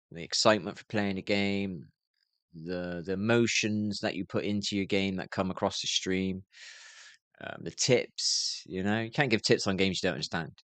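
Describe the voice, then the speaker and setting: Weary deep-voiced man in his fifties. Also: a bit bright, dry recording. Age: 50s. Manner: weary, muttering to himself. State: tired, yawning. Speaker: gaming streamer. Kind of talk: rambling livestream monologue.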